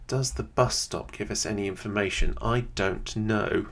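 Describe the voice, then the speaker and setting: Chatty, slightly low-voiced man. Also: normal speed, fairly bright tone. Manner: thinks aloud, chatty, many "um"s. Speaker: video creator playing a geography game. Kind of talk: casual gameplay commentary. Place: quiet home room with a computer under the desk.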